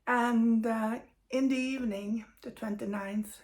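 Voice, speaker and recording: A middle-aged woman telling a personal story of loss, tired and emotional, speaking haltingly with many pauses. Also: a little high, steady tone, darkish tone. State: tired and grieving. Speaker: medium sharing personal news.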